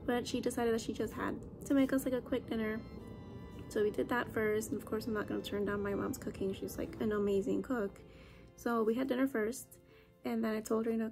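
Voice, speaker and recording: A woman's voice: a little high, steady tone, a little fast, vocal fry, music in the background. A young woman chatting casually to the camera at home, saying "like" a lot. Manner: chatty, says "like" often. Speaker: vlogger. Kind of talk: casual vlog chat. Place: at home after a family visit.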